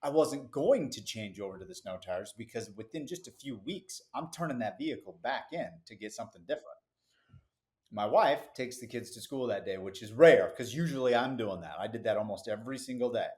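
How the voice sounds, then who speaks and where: A middle-aged business founder, a man, telling a lively story as a podcast guest, with quick asides and easy laughs. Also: medium pitch. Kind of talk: casual interview storytelling.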